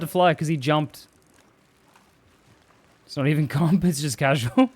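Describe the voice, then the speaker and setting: A man's voice: a little high, a little slow. A man streaming live, chatting casually and swearing freely as he reads viewer messages aloud and jokes about them.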